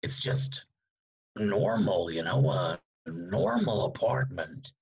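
An actor playing a chatty, dim-witted hired killer in an amateur video-call play, talking in a rambling, eager-to-please way. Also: male voice, on the low side, sing-song, slow, vocal fry, husky, muffled recording, exaggerated voice. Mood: puzzled.

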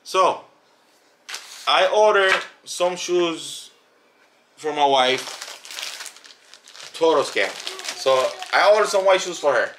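A man giving a casual product review on a family channel, talking in an emphatic, animated way and repeating words for stress. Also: fairly high pitch, slow pace, pauses often, noisy background.

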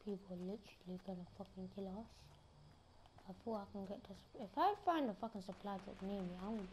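A woman's voice: mid-range voice, brisk, darkish tone, a little hiss or hum. A woman giving casual, muttered commentary while playing a game, swearing often. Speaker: gamer.

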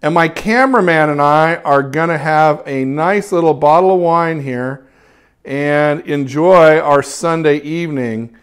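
A man's voice: a little high, unhurried, clean tone. A man hosting a live photography stream, chatting cheerfully while he works through a demo and praising each shot. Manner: upbeat and chatty, lots of praise words.

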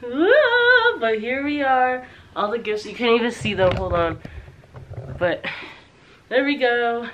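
A woman's voice: a little high, expressive, slow, pauses often, highs cut off, background noise. A young woman at home, vlogging casually to a handheld camera held at arm's length, chatty and confiding and full of fillers. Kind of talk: casual vlog chat to camera. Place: at home indoors.

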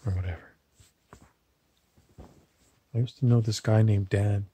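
Husky low-voiced man rambling. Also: fairly even intonation, unhurried, dark tone. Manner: meandering, digressive storytelling. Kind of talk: rambling monologue to camera.

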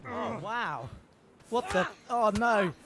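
A man giving casual, excitable commentary while playing a game with friends, laughing and exclaiming often. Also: very high voice, slow pace, a crowd in the background. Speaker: gaming streamer.

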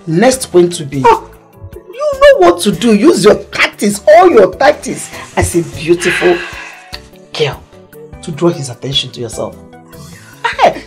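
A woman's voice: low-pitched, lively intonation, a little slow, pauses often, soft background music. A scheming Nigerian mother. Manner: loud, emphatic, cajoling. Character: scheming domineering mother pushing her son to remarry. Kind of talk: Nollywood film acting.

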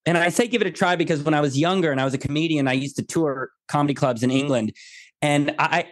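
An American man in a remote interview, his fairly high voice swinging through jokey stories and acted-out quotes. The sound is close and dry, with almost no room around it. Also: fast, dry recording. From United States. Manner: animated, jokey storytelling with quoted asides. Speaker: guest. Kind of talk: podcast interview.

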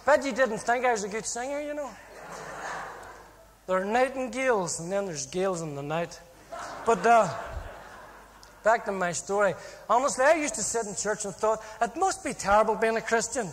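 High-voiced Irish man telling jokes. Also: moderate pace, long pauses, in a large hall, a faint crowd, slight background noise. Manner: jokey, punchline-driven, animated. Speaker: speaker giving a testimony. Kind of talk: comic testimony storytelling.

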